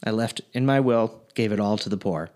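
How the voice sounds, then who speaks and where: A man puts on the voice of a newly dead everyman at heaven's gate, talking himself up and pleading his case with mounting nerves. The voice runs a little lower and quieter than the teller's own. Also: brisk, natural voice. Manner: nervous, pleading, self-reassuring.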